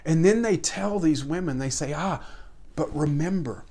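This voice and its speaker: A male pastor with a voice on the high side preaches a sermon with earnest, emphatic repetition, rising for emphasis and dropping into hushed tones. He is expressive and speaks at a normal speed.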